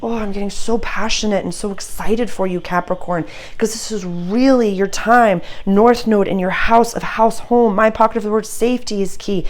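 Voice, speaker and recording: A woman's voice: medium pitch, fairly even intonation, moderate pace, few pauses. A young adult woman giving a casual, effusive astrology reading, gushing encouragement at her listeners.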